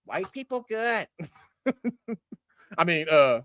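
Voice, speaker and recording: Animated, profane man reading news. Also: fairly high pitch, normal speed, dry recording, clean studio sound. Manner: profane, laughing, mocking asides between read headlines. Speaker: show host reading news. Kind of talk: casual news commentary.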